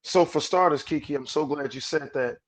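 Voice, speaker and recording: A man speaking as a podcast guest, preachy in manner, repeating words as he builds a point and dropping low and soft when he quotes calming words. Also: a little fast. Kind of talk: podcast conversation.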